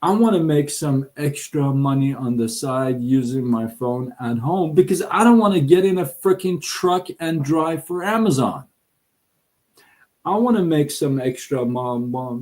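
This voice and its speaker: A man's voice: mid-range voice, lively intonation, measured pace, darkish tone. A middle-aged man hosting a live show, giving blunt, emphatic advice to viewers and acting out what people say, stumbling over words now and then. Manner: blunt and emphatic, acts out quotes, stammers on words. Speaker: host of a live side-income show. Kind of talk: direct motivational talk to viewers.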